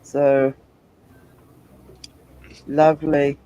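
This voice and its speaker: A man with a fairly high voice hosts a casual live-stream chat. He sounds hoarse from just waking up, and he laughs easily while teasing his guests. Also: monotone, very slow, dark tone, highs cut off. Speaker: host.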